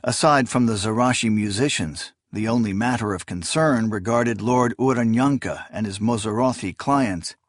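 A man reading a fantasy novel aloud as narrator, in a measured, steady storytelling delivery. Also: lowish voice, dry recording, studio quality. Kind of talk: scripted audiobook narration.

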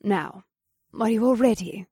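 A woman voicing a calm, kindly woman witch headmistress with a slightly husky voice. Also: mid-range voice, unhurried, no echo, clean studio sound. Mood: firm.

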